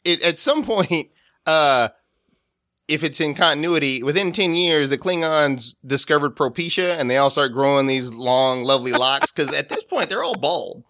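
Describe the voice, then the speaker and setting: A man's voice: fairly high pitch, lively intonation, moderate pace, bright, forceful tone, no echo, clean studio sound. A man hosting a podcast in a casual, jokey, profane manner. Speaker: podcast host. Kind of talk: casual chat.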